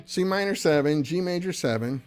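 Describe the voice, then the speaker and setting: A man's voice: a little high, expressive, normal speed, music in the background. A man hosting a casual livestream, rambling and laughing as he reads viewer comments aloud. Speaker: livestream host and guitarist.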